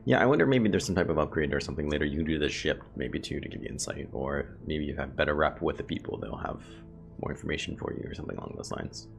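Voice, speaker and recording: A gameplay video host with a bass voice talks quickly, with vocal fry, casually commentating on the game he's playing. He's chatty and thinks aloud to his viewers in let's play style, with game music playing in the background.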